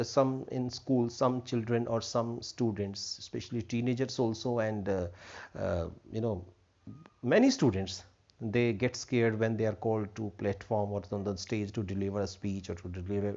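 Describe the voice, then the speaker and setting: A man with a mid-range, slightly mellow voice teaches a lesson from an English textbook, repeating himself, explaining word meanings and using lots of fillers. The recording is dull and lo-fi.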